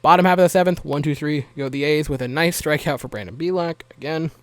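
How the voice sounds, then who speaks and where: A young man with a slightly higher voice runs through a baseball game in a relaxed, chatty way. He wanders into joking asides and leans on "uh" and "like" as he goes. The sound is close and dry, with no room around it. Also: quick pace, dry recording. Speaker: baseball recap vlogger. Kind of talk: casual game recap.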